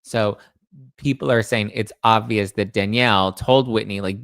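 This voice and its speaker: Gravelly low-voiced man chatting gossip. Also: fairly even intonation, moderate pace, a bit bright, dry recording. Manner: rambling, chatty, restarts and self-corrects; reads out viewer comments. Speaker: host of a celebrity gossip show. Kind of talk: casual chat.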